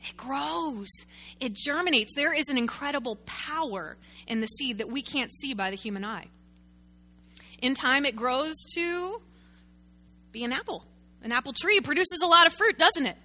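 An animated woman pastor delivering a sermon, her voice high and very bright. She keeps calling out to the congregation and drawing them in with questions. Her delivery is lively and direct. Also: moderate pace, pauses often. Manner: animated, talks with the congregation, uses a prop.

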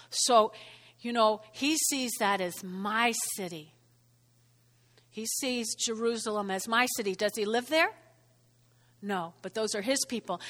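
A woman preaching a sermon in a chatty, animated way, asking the room questions. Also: on the high side. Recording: echoey hall.

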